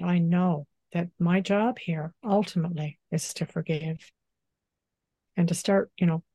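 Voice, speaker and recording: A woman with a low, mellow voice explains spiritual practice in a gentle, unhurried way. She pauses often and leans on "you know" as she talks, recorded dry and close. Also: no room sound. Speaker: spiritual teacher and channeler. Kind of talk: calm spiritual interview talk.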